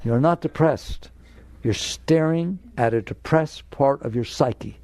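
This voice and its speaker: An older man with a gravelly voice gives a spiritual talk, direct and emphatic. His tone is dark and mellow, and the recording is dry and close. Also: mid-range voice, takes it slowly, no echo. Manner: emphatic, direct, acts out inner voices in quotes. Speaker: spiritual teacher.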